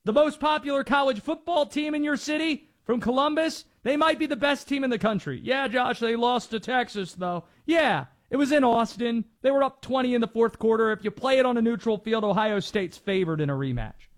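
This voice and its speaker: A man hosting a sports call-in show, talking fast and animated, joking with callers and poking fun at himself. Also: very high-pitched. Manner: animated, quick, jokey and self-deprecating. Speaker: sports talk radio host. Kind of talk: energetic sports radio talk.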